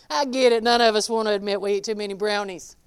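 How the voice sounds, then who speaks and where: A woman preaching a sermon in a folksy, emphatic way, swinging between loud exclaiming and quiet asides. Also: medium pitch, fairly even intonation, a little fast, clear, resonant tone.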